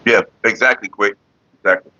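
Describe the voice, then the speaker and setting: A man's voice: lowish voice, steady tone, fairly quick, bright, forceful tone, lo-fi sound. A middle-aged man hosting a casual livestream, talking bluntly and with lots of swearing straight to his chat viewers. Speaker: livestream host.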